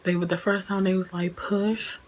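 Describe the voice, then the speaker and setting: A woman's voice: lowish voice, flat delivery, quick pace, slight background noise, poor audio. A woman in her twenties, a vlogger chatting casually about her own experience, saying "like" often and laughing as she talks. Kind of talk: casual personal storytelling.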